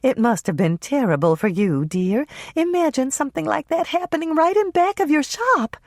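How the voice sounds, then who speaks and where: An audiobook narrator voicing Carrie, a fretful older woman who gossips, in a higher, fussy voice. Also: animated, moderate pace, dry recording, studio quality. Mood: fussing.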